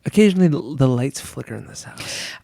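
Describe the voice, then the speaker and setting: A man's voice: medium pitch, quick pace, vocal fry, dry recording, clean studio sound. A young man hosting a podcast, telling stories in a rambling, casual way with lots of fillers. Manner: rambling, filler-heavy, animated storytelling. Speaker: podcast host. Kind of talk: casual chat.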